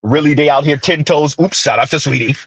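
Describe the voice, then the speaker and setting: A millennial man with a high, light voice delivers a casual, ranting commentary full of sarcastic asides. He sounds close and dry, with no room around him. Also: a little fast, husky, no echo. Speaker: commentary channel host.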